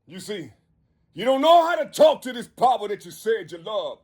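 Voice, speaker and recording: A husky man in his fifties with a fairly high voice, rambling through a spiritual monologue. He talks in loops, full of profanity and repeated asides, and climbs into sudden shouts before dropping low again. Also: sing-song, normal speed. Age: 50s.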